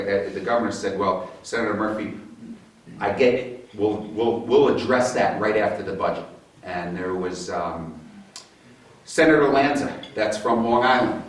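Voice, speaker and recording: A man, a state senator giving a guest speech at a breakfast event, telling stories in a conversational way with many restarts. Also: fairly low pitch. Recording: echoey hall, mic from far off.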